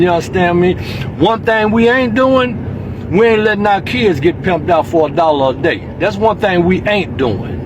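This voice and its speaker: A man with a high-pitched voice ranting heatedly from inside a vehicle. He is confrontational and keeps tagging his lines with "man" and "you understand". Road noise runs loud under the recording. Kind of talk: ranting vlog to camera.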